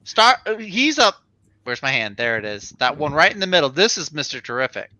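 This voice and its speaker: Guy jumping in to correct his friends, really bright sharp voice, some faint noise behind. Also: a little high, big pitch swings, highs cut off. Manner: quick to chime in and correct others. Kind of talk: casual chat.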